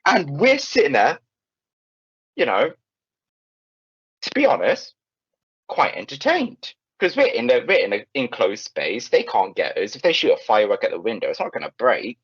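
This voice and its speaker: Young guy, lively storyteller who swears a lot; dull lo-fi, dry recording. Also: mid-range voice, normal speed, pauses often, slightly rough, no echo. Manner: animated, swears freely, lots of restarts. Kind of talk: casual anecdote telling.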